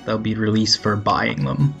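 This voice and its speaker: A man's voice: lowish voice, steady tone, normal speed, vocal fry, a bit bright. A man, the game designer and game master, chatting casually and explaining his plans in loose, rambling sentences on a voice call. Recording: lo-fi voice call with faint music.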